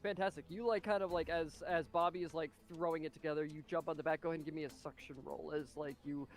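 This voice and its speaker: A man narrating as game master of a tabletop game, excitable and full of fillers and spoken sound effects. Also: on the high side, quick pace.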